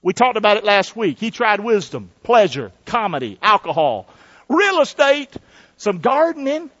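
A man's voice: high-pitched, big pitch swings, normal speed, fairly bright tone, dull audio. A male pastor preaching a sermon and calling for responses from the congregation.

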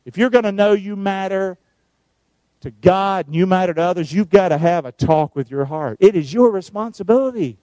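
A middle-aged man preaches with emphatic, call-and-response energy. His voice sits high for a man. The sound is close and dry, with no room around it. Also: normal speed, mellow, no echo. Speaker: pastor. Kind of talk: sermon.

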